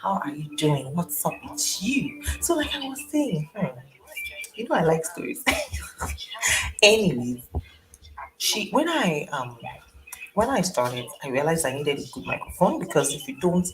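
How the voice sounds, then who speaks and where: A woman's voice: fairly low pitch, sing-song, a little slow, pauses often, fairly bright tone, rough recording. A young woman chatting on a live stream from home at night, greeting viewers by name in a casual way. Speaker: YouTuber hosting a live stream. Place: home at night, family watching a movie nearby. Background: movie sound and music.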